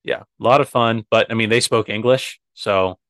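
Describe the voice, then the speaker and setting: A man's voice: fairly low pitch, steady tone, normal speed, fairly bright tone, no echo. A young man co-hosting a casual podcast, asking questions and teasing his friend. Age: young adult. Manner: teasing, jokey interjections. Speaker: podcast co-host. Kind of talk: casual chat.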